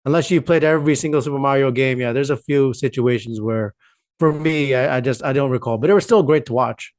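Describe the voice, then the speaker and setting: A man's voice: medium pitch, brisk, darkish tone, dry recording. Hesitant man on a dry close mic. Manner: hesitant, teasing. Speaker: podcast co-host. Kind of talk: casual chat.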